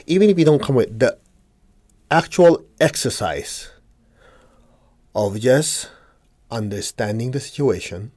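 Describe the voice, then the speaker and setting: A man's voice: mid-range voice, big pitch swings, normal speed, long pauses, a little mellow. A man teaching a meditation group, explaining ideas step by step, asking the audience questions and acting out inner dialogue. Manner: explanatory, asks the audience questions and answers them; acts out inner dialogue in quotes. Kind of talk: spiritual teaching talk to a group.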